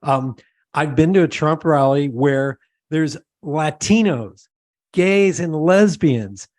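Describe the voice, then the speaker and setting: A man's voice: a little high, takes it slowly, a little mellow, no room sound. A man hosting an interview podcast, talking casually and repeating words as he searches for them. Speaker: podcast host.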